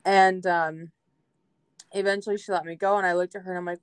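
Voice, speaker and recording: A young adult woman guests on a faith podcast, her voice on the low side, level, and a little fast, recorded cleanly with no room sound. In casual chat she tells a personal story with heartfelt emotion and plenty of fillers.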